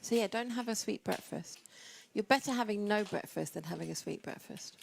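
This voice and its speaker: A woman's voice: medium pitch, brisk, creaky, a little hiss or hum. A woman giving casual live poker commentary, chatty and playful in her banter.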